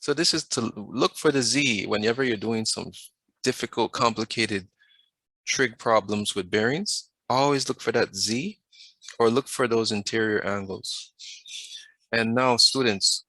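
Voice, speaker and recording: A man's voice: fairly low pitch, unhurried, bright, forceful tone, no echo. A man teaching a math class over a video, often stopping to put questions to the students and waiting for answers. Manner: asks the class questions, patient.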